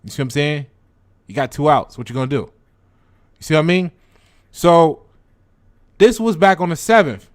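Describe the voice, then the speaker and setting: Male host, casual explainer, slightly high pitch, dry close mic, loose conversational delivery. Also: sing-song, normal speed, long pauses, no room sound. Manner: conversational, repeats words, addresses viewers directly. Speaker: stock trading channel host. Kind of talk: casual explanatory chat to viewers.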